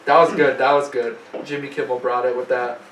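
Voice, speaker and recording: A man's voice: medium pitch, flat delivery, brisk, a bit bright. A man banters casually and profanely with friends on a podcast. He sits back from the mic in a reverberant room, with a faint hiss underneath. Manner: loose, profane banter, jokey. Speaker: podcast co-host. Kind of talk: casual chat. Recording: roomy, distant mic with faint noise.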